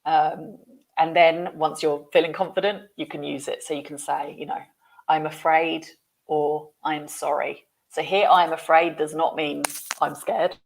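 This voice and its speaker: A woman's voice: sits low, fairly even intonation, measured pace, creaky. A woman teaching business English, explaining phrases patiently.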